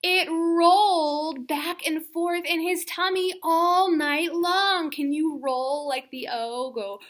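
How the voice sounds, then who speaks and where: Woman, children's librarian, storytime reader; high voice, animated, quizzes the kids. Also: slow. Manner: animated, coaxing young listeners with questions.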